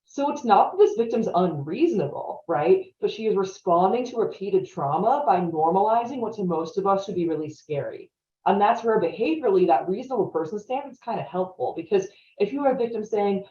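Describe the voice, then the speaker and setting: A woman's voice: mid-range voice, lively intonation, a little fast, warm tone. Chatty woman presenter with roomy audio. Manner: chatty, often adds "right?" to check in. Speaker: webinar presenter on stalking. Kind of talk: conversational training webinar talk. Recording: roomy, distant, dull-sounding audio.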